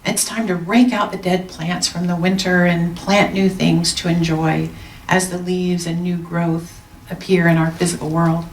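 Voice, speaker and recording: A woman minister giving a gentle, reflective Sunday sermon with slow, soft pauses. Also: lowish voice, little pitch movement, slight background noise. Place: church sanctuary. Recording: roomy sound, mic at a distance.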